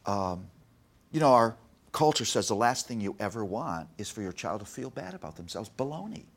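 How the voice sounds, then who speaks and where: Man, middle-aged, gravelly voice, lower pitch, emphatic and preachy, interview guest. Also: lively intonation, moderate pace. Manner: preaching, emphatic, retells dialogue softly. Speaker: guest, Christian author on parenting. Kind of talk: earnest interview talk with told anecdotes.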